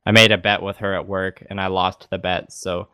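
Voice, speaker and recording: Laid-back man, deep voice, dry close sound, rambly podcast chatter. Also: normal speed, clean tone, no room sound. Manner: relaxed, rambling, laughs often. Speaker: podcast co-host. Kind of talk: casual chat.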